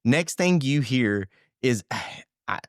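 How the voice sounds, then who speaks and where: A man's voice: mid-range voice, takes it slowly, no room sound, studio quality. A man telling a story on a podcast, laughing often and acting out sounds. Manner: animated, laughs often, acts out sounds and quotes. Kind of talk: casual storytelling.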